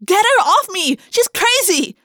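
A woman voicing a loud, tough teenage schoolgirl who acts outraged. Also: very high voice, sing-song, a little slow, no room sound, clean studio sound, voice pushed up, exaggerated voice. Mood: shrieking.

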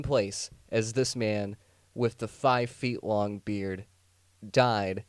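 A man's voice: lowish voice, takes it slowly, clear, resonant tone, dry recording. A man hosting a podcast, telling a true-crime story as a rambling, jokey monologue full of restarts and sarcastic asides. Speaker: podcast host.

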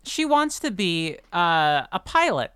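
Lowish woman podcaster, smooth clear voice, dry sound, rambles and laughs a lot. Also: big pitch swings, slow, a bit bright, no echo. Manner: rambling, many fillers and restarts, laughing often. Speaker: podcast co-host. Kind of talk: casual book-discussion chat.

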